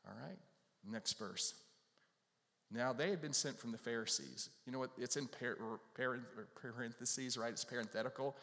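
Folksy preacher in an echoing hall. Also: male voice, medium pitch, moderate pace, gravelly, sharp tone. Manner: conversational, folksy, jokes with the congregation. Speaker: pastor. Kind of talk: expository sermon. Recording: long reverb from a large hall.

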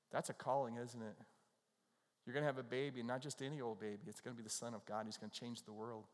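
A man's voice: medium pitch, fast talker. A male pastor preaching a sermon, emphatic and repetitive, often tossing "right?" back at the congregation. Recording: long hall reverb.

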